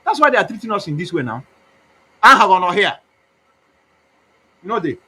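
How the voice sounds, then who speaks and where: A man's voice: sits high, sing-song, fairly quick, pushed and bright, breathy edge, poor audio. A man with an Igbo Nigerian accent giving a rambling campaign talk, mixing English with Igbo in a preachy, mocking way. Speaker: activist campaigner.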